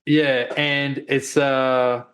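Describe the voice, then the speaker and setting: Laid back podcast dude rambling, tons of "like", swears casually, middle pitch. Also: male voice, little pitch movement, drawn-out words, fairly bright tone. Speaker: podcast co-host. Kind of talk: casual chat.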